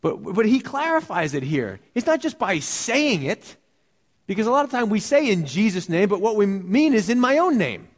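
A man's voice: high voice, very animated. Conversational male pastor teaching scripture. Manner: conversational, asks rhetorical questions, slows to read scripture. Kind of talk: verse-by-verse Bible teaching.

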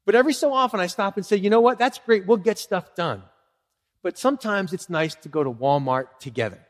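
Male pastor, higher voice, lively sermon delivery, mini dialogues, church hall reverb. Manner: animated, acts out little dialogues with swooping pitch.

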